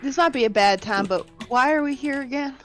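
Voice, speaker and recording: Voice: high-pitched, brisk, music in the background. A player at a tabletop game who speaks hesitantly and often trails off mid-sentence.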